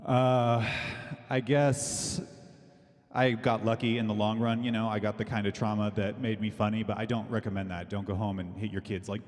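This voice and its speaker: A man's voice: lowish voice, normal speed. A man doing a rambling, self-deprecating stand-up comedy set at an open mic, laughing between his jokes. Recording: long hall reverb.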